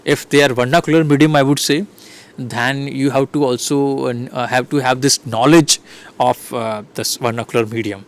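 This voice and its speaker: A man with an Indian English accent giving an online lecture to teachers, pausing often with fillers and restarting his sentences. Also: medium pitch, steady tone. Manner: hesitant, many fillers and restarts. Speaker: teacher educator.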